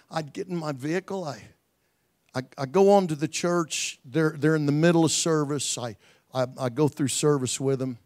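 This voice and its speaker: Folksy preacher man, rising to shouts. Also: a little high. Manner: repeats words, folksy, builds to shouting. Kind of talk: sermon storytelling.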